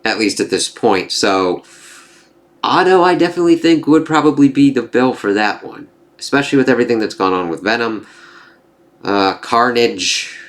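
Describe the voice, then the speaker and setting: Rambling casual male comic reviewer. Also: lowish voice. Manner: rambling, casual, swears freely.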